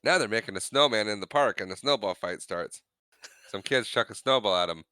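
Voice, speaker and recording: Low smooth-voiced man recapping a movie. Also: animated, a little fast, pushed and bright. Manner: retells scenes acting out quotes. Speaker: podcast co-host. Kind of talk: casual movie recap chat.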